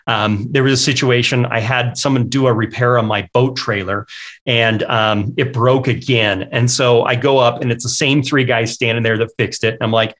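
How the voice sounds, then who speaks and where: A middle-aged man talks openly as a guest, walking through his own missteps story by story. He keeps an ordinary pitch and a relaxed conversational pace, and he slips into quoting himself and others as he goes. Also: moderate pace. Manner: candid, anecdotal, quotes himself often. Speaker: real estate investor and agent, guest.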